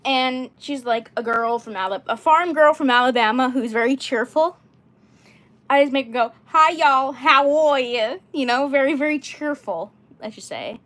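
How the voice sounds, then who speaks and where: A woman chatting casually while showing her dolls, rambling with fillers and frequent throat clearing. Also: sits high, normal speed, fairly bright tone. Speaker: doll collector livestreamer.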